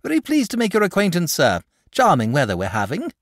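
A man voicing a gentle, nervous and fussy male dragon in a storybook reading, polite and anxious. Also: fairly high pitch, huge pitch swings, brisk, no room sound, clean studio sound, pitched above the performer's own voice. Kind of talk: audiobook character voice.

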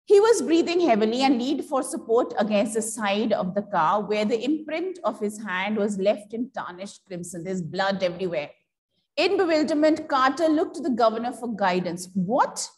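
A woman's voice: fairly high pitch, animated, moderate pace. A woman English teacher with an Indian accent reads a story aloud and explains it to her class, asking questions and then answering them herself. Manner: reads dialogue with acted outbursts.

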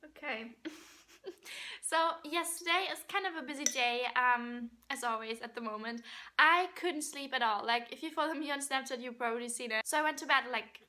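A woman's voice: high-pitched, moderate pace, pushed and bright. A young woman chatting casually in a vlog, giggling often and talking while she eats, tired from a sleepless night. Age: young adult. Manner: giggly, chatty, laughs often between sentences; talks while eating. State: underslept and tired. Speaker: vlogger.

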